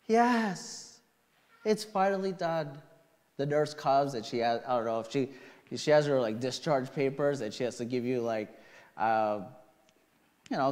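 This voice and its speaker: A male pastor preaching a sermon through a personal story, swinging from quiet asides to outright shouting. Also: fairly high pitch. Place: church sanctuary. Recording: long reverb of a church hall.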